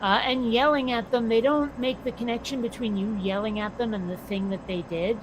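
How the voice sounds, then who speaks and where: An American woman co-hosting a casual chat, blunt and quick to swear. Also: on the high side, steady tone. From United States. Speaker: podcast co-host. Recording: noisy background.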